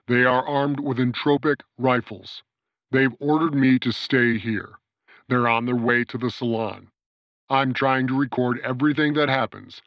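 A man voicing a calm ship crew member reporting over a speakerphone in an audiobook, in a flat, businesslike way. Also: medium pitch, dry recording, muffled recording, lightly acted. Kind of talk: audiobook character voice.

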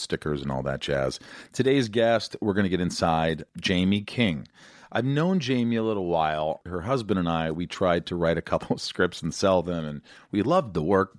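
A man's voice: deep voice, no echo, clean studio sound. A man hosting a podcast, reading an upbeat, promotional show introduction. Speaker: podcast host.

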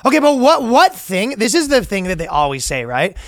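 A man's voice: high-pitched, big pitch swings, brisk, fairly bright tone, dry recording, clean studio sound. A man co-hosting a comedy podcast in casual chat, riffing and mocking voices with bursts of laughter. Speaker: podcast co-host.

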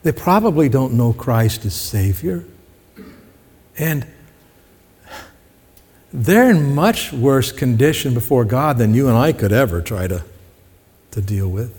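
A man's voice: mid-range voice, lively intonation, slow pace, long pauses, a little mellow, husky, big-room sound. A man preaching a sermon in a conversational way, often asking the congregation questions. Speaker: pastor.

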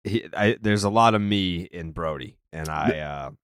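A man's voice: low-pitched, moderate pace, clear, resonant tone, no echo, clean studio sound. A man co-hosting a casual podcast, reacting with jokes and laughter. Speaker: podcast co-host.

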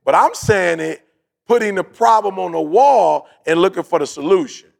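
Man with a gravelly, slightly high voice, chatty podcast co-host, says yo and bro a lot, acts out what people said. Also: normal speed. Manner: animated storyteller, acts out quoted dialogue; uses street slang, "yo, bro". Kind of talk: casual chat.

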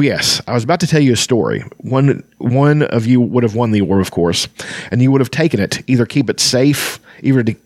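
A man's voice: medium pitch, a little mellow, no echo, clean studio sound, lightly acted. A man voicing a sleepy, cranky old wizard. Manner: scolding, rambling, irritable. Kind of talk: reading a novel aloud with character voices.

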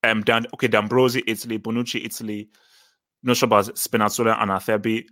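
A man's voice: on the low side, flat delivery, quick pace, sharp tone. A man in casual football chat, thinking aloud and often stammering and restarting as he works through names. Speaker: podcast co-host.

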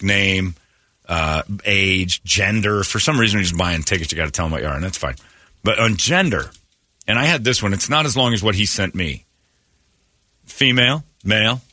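A man's voice: lowish voice, sharp tone. A man hosting a morning radio show, joking loosely and rambling through crude stories with frequent laughs.

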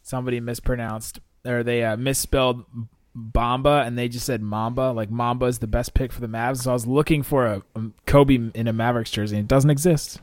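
A man's voice: mid-range voice, steady tone, brisk, no room sound. Man chatting on a dry podcast mic. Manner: chatty, laughs often, rambling asides. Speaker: podcast co-host. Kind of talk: casual sports podcast chat.

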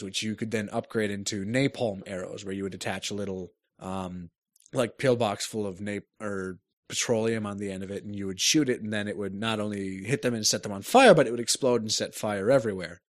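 Low-ish guy rambling through a game review, casual chat. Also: steady tone, moderate pace. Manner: rambling, searching for words. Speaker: podcast co-host reviewing a game.

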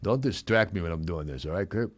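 Give me a man with a low voice hosting a casual comedy talk show, deadpan and mumbling. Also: fast. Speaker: host.

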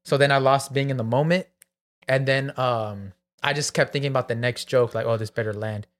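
A man's voice: mid-range voice, a little fast. Young man telling a story, swearing freely. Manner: swears freely, acts out his own past lines. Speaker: podcast host. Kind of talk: casual storytelling chat.

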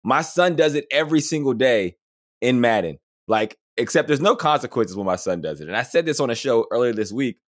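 A man in his thirties co-hosting a sports podcast, talking casually in an animated way, with quick asides and frequent laughter. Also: mid-range voice. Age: 30s. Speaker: podcast co-host.

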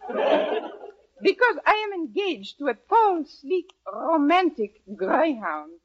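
An actress playing a flirty, glamorous French poodle with a put-on French accent, in 1940s radio comedy acting. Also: female voice, high voice, very animated, slow, exaggerated voice. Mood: coquettish. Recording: dull, very hissy 1940s radio broadcast.

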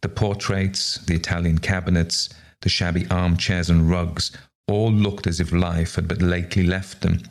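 A man reading a ghost story aloud in a measured, unhurried way. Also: deep voice, level tone. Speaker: story reader.

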